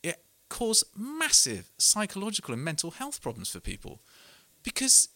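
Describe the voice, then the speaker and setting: A middle-aged man from England gives an earnest, self-deprecating talk and reads from his book to a live audience. His voice is bright and lively, rising and falling a lot. The sound is close and dry. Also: high-pitched, moderate pace, no echo. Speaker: author giving a book talk.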